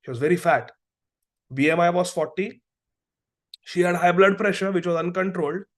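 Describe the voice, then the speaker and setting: Earnest high-voiced man giving a devotional lecture. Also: steady tone, normal speed. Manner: earnest, storytelling with acted quotes. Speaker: preacher and physician.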